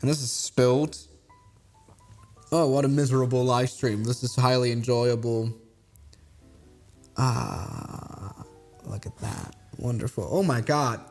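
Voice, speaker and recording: A man's voice: mid-range voice, a little slow, a little mellow, soft background music. A young man with a Swiss accent chatting casually to viewers on a live stream while struggling to build a model kit, self-mocking and exasperated.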